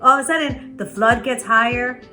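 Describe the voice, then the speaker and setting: Woman host, spiritual pep talk, bright and animated storyteller. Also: fairly high pitch, moderate pace, soft background music. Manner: animated storytelling, often asks "right?".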